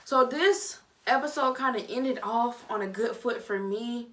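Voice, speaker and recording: A young woman vlogger giving a casual, chatty review, with animated, dramatic reactions. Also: a little high, measured pace, distant mic. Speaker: vlogger reviewing a reality show. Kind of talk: casual chat.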